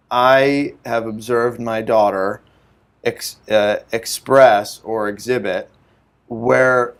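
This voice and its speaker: A man with a mid-range voice talks on a casual conversation show. He speaks thoughtfully, pausing often as he searches for the right words. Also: mid-range voice. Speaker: show co-host.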